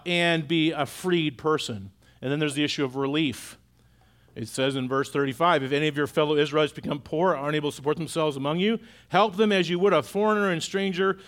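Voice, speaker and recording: A man's voice: sits high, fairly bright tone. A middle-aged man preaching a sermon in a church auditorium, in a conversational way that keeps asking the congregation questions. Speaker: pastor.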